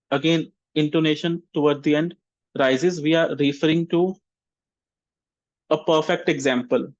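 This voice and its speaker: Slow, deliberate English teacher, man. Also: fairly high pitch, no room sound, lo-fi sound. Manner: slow, deliberate modeling of intonation. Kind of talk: online vocabulary class.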